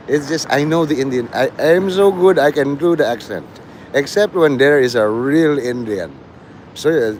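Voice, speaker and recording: A man's voice: medium pitch, a little hiss or hum, poor audio. A man rambling through a profane live-stream monologue, jumping from topic to topic. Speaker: livestreamer.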